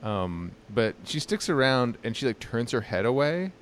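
A man's voice: medium pitch, sing-song, moderate pace, slight background noise. A man co-hosting a podcast, chatting casually in a rambling, hesitant way full of restarts and fillers. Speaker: podcast co-host. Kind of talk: casual chat.

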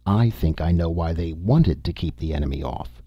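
A man reading an audiobook, voicing an eager, nearsighted male archaeologist with an excited, curious delivery. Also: low voice, normal speed, husky, dry recording, lo-fi sound, full character voice.

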